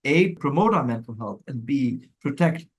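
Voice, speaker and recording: Thoughtful man from India, measured talk. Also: mid-range voice, expressive, breathy edge. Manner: thoughtful, measured, with frequent restarts and light laughs. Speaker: guest, mental health professional. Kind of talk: conversational interview answers.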